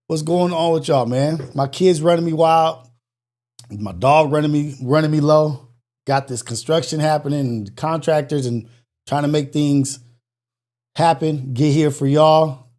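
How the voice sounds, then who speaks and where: This man's voice is slightly high, and he's out of breath while casually chatting with viewers on his live morning call-in show. Lively exclamations pepper his talk, and he drifts into preachy motivational encouragement.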